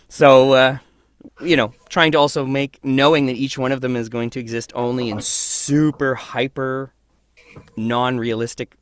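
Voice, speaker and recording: A man who is a voice actor guest, talking through his work in a thoughtful, animated way. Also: mid-range voice, measured pace, smooth, dry recording, studio quality. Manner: thoughtful, animated, acts out voices mid-sentence. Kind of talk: casual interview conversation.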